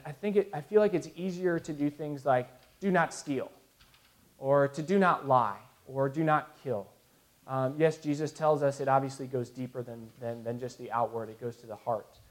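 A man in his thirties preaching a sermon to his congregation, earnest, with frequent restarts. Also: mid-range voice. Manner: earnest, with restarts and soft laughs. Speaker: pastor.

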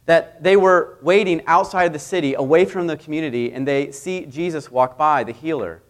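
A man in his thirties delivering a sermon as a visiting preacher, telling stories in a conversational way with lively dramatic swings. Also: fairly high pitch, normal speed.

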